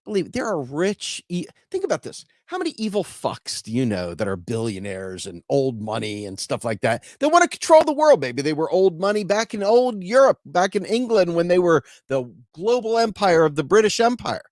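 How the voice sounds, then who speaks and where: A man hosting a casual explainer show, talking straight to his audience in a lively, up-and-down voice. He spins stories and analogies, checks in often with his listeners, and sits in a fairly high register. The recording is close and dry. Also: normal speed, hardly any pauses, dry recording. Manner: animated, storytelling, conversational. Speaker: host.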